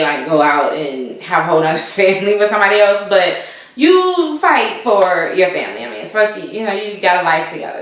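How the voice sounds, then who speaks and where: A woman chatting casually as she recaps a TV episode, acting out the characters' lines in an animated way. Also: medium pitch. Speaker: TV show reviewer. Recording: echoey room.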